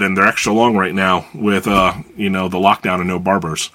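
A man's voice: deep voice, moderate pace, hardly any pauses, bright, forceful tone. An American man preaching a sermon as a pastor, earnest and conversational as he teaches and reads scripture. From United States.

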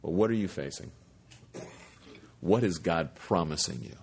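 A man preaching a sermon, telling a Bible story with animated asides, restarts and humor. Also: deep voice, a little slow, slightly rough. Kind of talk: expository sermon.

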